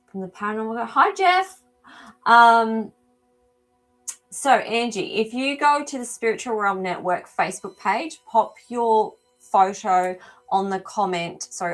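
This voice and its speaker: A woman hosting a live animal communication show. She speaks in a casual, searching way with many ums and answers viewers' comments as they come in. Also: mid-range voice. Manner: hesitant, searching for words with frequent ums. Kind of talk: live-stream reading, casual chat.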